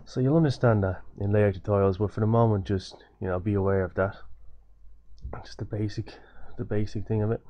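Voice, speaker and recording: A man's voice: lowish voice, fairly even intonation, a little fast, highs cut off. A young man giving a loose, repetitive coding tutorial over a screen recording, with many fillers and restarts.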